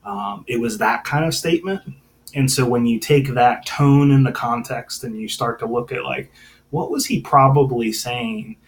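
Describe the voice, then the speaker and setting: A man's voice: mid-range voice, animated, moderate pace, poor audio. A man giving informal Bible teaching in a casual, thinking-aloud manner, with frequent fillers and restarts.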